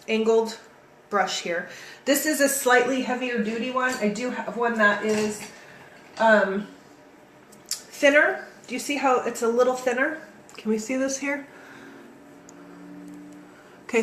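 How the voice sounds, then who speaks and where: A woman hosting a live makeup tutorial, chatty and energetic, talking straight to her viewers. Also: on the high side, echoey room, slight background noise. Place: home, in California.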